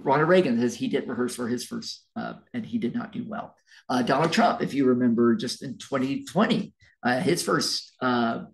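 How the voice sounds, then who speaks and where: A man's voice: medium pitch, creaky, rough recording. A man, a college history lecturer, giving a recorded class lecture in a conversational, rambling way with fillers and restarts.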